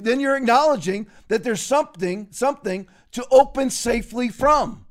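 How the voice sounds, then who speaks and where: Man, high voice, show host, heated commentary, emphatic, sarcastic, quotes scripture. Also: expressive, normal speed. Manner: emphatic, ranting, sarcastic, quotes Bible verses.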